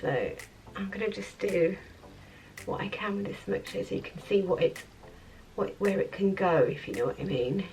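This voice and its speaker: A woman vlogger chatting in a rambling way through a makeup tutorial at her office, sometimes dropping to soft murmurs. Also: mid-range voice, animated, normal speed, slight background noise. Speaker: beauty vlogger. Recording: mic at a distance, faint background music.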